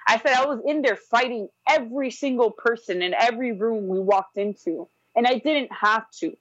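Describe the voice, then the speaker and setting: A young adult woman telling a personal story in casual, animated talk, acting out the people she quotes. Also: a little high, moderate pace, few pauses, no room sound, dull audio. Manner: animated, acts out quoted voices, frequent "like". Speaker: guest telling her birth story.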